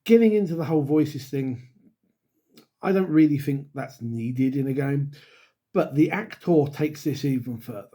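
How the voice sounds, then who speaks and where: A man's voice: fairly high pitch, expressive, moderate pace, dark tone. A middle-aged man from the UK, hosting his own channel and talking straight to camera with candid, wry opinions and the odd sigh. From United Kingdom. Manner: wry, candid, with sighs and dry asides. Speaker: YouTube host and dungeon master. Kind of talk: opinionated solo talk to camera.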